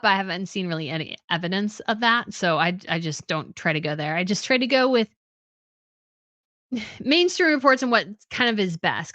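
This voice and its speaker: A woman's voice: medium pitch, sharp tone, dry recording, dull audio. A woman hosting a livestream, chatting casually as she reads out viewer comments, sounding a bit tired, with fillers and little laughs. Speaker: host.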